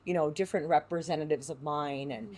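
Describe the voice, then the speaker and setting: Low-voiced woman, heartfelt. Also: steady tone, fast talker, a little mellow. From San Diego, United States. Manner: reflective, heartfelt, full of "you know" fillers. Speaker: actress guest. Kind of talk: podcast interview.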